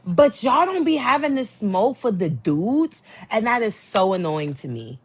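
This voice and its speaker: Young adult woman podcast host, chatty and gossipy, unhurried, very expressive pitch. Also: breathy edge. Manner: animated, gossipy, swooping exclamations. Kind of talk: casual chat.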